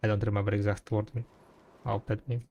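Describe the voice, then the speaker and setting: Laid-back gravelly man streaming a game. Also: fairly low pitch, little pitch movement, a little fast, a little mellow. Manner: rambling and laid-back, heavy with fillers and restarts. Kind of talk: casual gaming stream chat.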